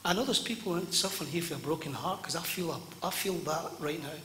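A man preaching a sermon to a congregation, swinging from loud fervent cries to hushed near-whispers. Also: fairly high pitch, brisk, slight background noise. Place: church hall. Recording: echoey hall with long reverb.

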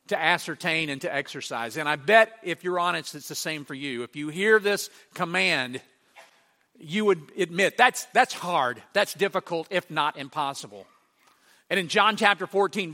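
Man, preaching, slightly high voice, animated, long church echo. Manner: animated, rising to emphatic rhetorical questions. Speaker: pastor. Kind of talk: sermon.

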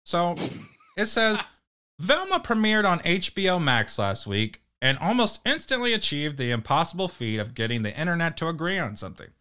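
Bright-voiced New Jersey man hosting a crude podcast parody, stumbling over his read-aloud. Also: a little high, wildly swooping pitch, moderate pace, smooth. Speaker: podcast host.

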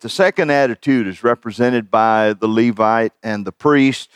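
A man's voice: mid-range voice, normal speed, few pauses, smooth, no room sound, studio quality. A middle-aged man preaching a sermon in a folksy, conversational way, chuckling at his own asides. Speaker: pastor.

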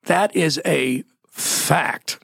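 A man's voice: fairly high pitch, very slow, gravelly, a bit bright, slightly rough, dry recording, clean studio sound. A man with a Texan accent talking bluntly and folksily about faith, laughing often. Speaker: Christian podcast guest. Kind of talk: casual faith discussion.

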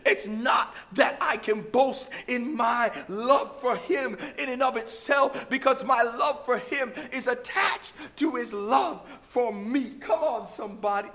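A man's voice: very high-pitched, measured pace, few pauses, sharp tone. A male pastor preaching a fervent sermon, calling out to the congregation and breaking into snatches of hymns. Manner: fervent, repeatedly calls out to the congregation.

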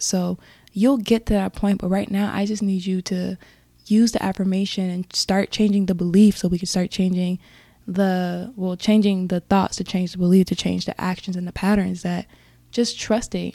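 A woman's voice: medium pitch, level tone, normal speed, mellow, no room sound, clean studio sound. A woman hosting a podcast in a casual, encouraging motivational talk, earnest and prone to rambling asides. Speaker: podcast host.

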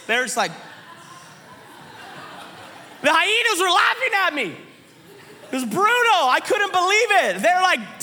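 A man preaching a sermon, telling a funny hiking story in an animated way. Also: very high-pitched, moderate pace, in a large hall. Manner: animated storytelling, voices quoted people.

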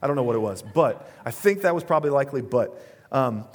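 A man in his thirties, a pastor preaching a sermon, telling stories in a relaxed conversational way with plenty of fillers and asides. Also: medium pitch, quick pace.

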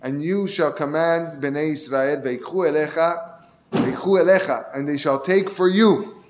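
A man's voice: on the high side, measured pace. A man giving an earnest Torah talk, telling a story and lifting his voice to stress key points. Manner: earnest storyteller who lifts his voice for emphasis. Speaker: Torah teacher. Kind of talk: Torah class sermon.

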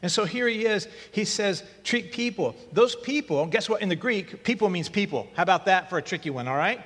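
A man's voice: sits high, lively intonation, fairly quick, hardly any pauses, a bit bright. A man preaching a sermon as pastor, conversational and then emphatic with repeated short lines. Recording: long reverb of a hall.

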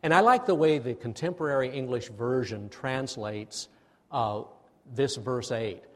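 A male pastor delivers a sermon in a church sanctuary. His voice carries a long hall reverb. He talks in a lively way and has the congregation repeat phrases after him. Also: mid-range voice, unhurried. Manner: animated, leads the congregation in call-and-response.

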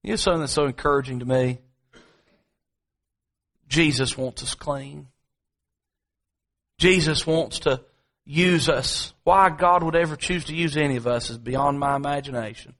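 A man preaching a sermon, telling a story from home and then building to repetitive, dramatic appeals with slow, drawn-out emphasis. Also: fairly high pitch, fairly bright tone. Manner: dramatic preaching, swings between drawn-out emphasis and quick asides; repetitive, rhetorical delivery.

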